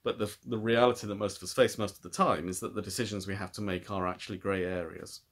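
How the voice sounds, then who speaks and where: A British man with a fairly low voice hosts a knitting and crochet video podcast. He talks in a relaxed, rambling way, often restarting his sentences as he thinks aloud, recorded on a camera at table distance. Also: fast talker. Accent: British English. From United Kingdom. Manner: thoughtful, rambling, with frequent restarts. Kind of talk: casual chat.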